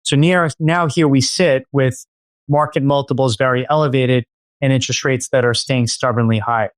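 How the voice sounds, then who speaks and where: A man's voice: medium pitch, fairly even intonation, moderate pace, dry recording. A man guesting on a finance podcast as an investment officer, talking casually with many fillers and restarts and a dry sarcastic edge. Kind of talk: casual interview talk.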